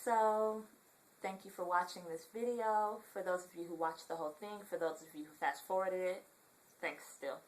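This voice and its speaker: Congested low-voiced Southern California woman. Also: moderate pace, rough recording. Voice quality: congested, nasal. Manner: relaxed, rambling, many ums. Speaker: vlogger. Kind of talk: casual accent tag vlog.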